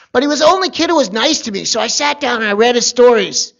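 Male storyteller with a gravelly voice, dry wit and deadpan asides, on a muffled recording. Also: very high voice, fast, hardly any pauses. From Virginia. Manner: wry, conversational, deadpan asides. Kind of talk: personal storytelling.

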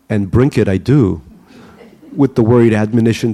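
A man's voice: lowish voice, moderate pace, dark tone. A man from the Soviet Union reading his memoir aloud to a live audience, with a wry, self-mocking delivery. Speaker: storyteller.

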